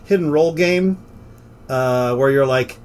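A man's voice: mid-range voice, unhurried, smooth. A man hosting a casual podcast chat, rambling along with plenty of fillers and restarts. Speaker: game store podcast host.

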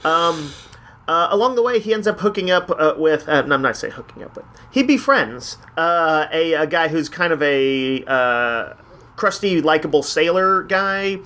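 A man's voice: a little high, expressive, moderate pace, pushed and bright. A man hosting a comic shop podcast, talking casually and enthusiastically in a rambling, hesitant way. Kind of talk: casual chat reviewing comics.

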